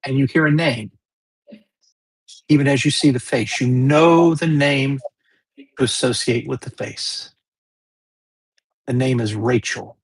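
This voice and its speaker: A game master narrating a tabletop game, setting scenes slowly and checking in with the players. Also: medium pitch, slightly rough. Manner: slow, measured scene-setting with check-in questions.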